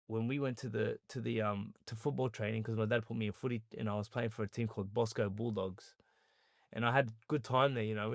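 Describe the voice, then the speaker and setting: An Australian man tells his story as a podcast guest, animated and lively, slipping into the voices of the people he quotes. His voice sits at an ordinary middle pitch for a man. The recording is close and dry, with no room sound. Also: dry recording. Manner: animated storyteller who acts out quoted dialogue. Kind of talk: storytelling interview.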